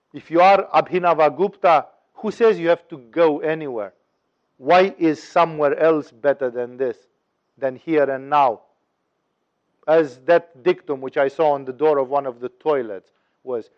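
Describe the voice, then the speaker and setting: A man giving a spiritual teaching talk, telling parables with wry humor and acting out their voices. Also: a little high. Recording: dull lo-fi recording.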